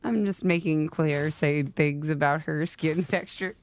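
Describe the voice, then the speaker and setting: A woman's voice: deep voice, measured pace. Giggly young woman chatting on stream. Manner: chatty, giggly, self-deprecating. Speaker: stage actress and streamer. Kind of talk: casual stream chat.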